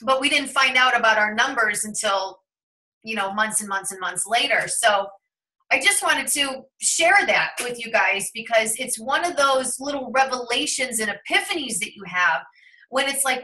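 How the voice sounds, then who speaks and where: Bright, animated woman telling a story. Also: a little high, normal speed, recorded from a distance, rough recording. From Ohio, USA. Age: 30s. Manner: animated storyteller, acts out quoted remarks. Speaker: host of a tarot and numerology channel. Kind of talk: casual storytelling on a call.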